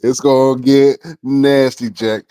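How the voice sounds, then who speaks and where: An excitable man hosts a podcast in loose, slangy chat. His voice sits at a middle pitch, and he laughs readily between lines. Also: takes it slowly, clean tone. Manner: enthusiastic, laughs easily, slangy. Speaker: podcast host. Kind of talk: casual interview chat.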